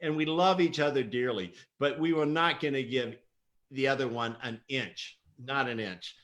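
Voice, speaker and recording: Animated storytelling man, bright voice. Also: mid-range voice, moderate pace. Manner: animated storyteller, laughs often, acts out quotes. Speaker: guest, mental performance coach. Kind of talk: casual livestream interview.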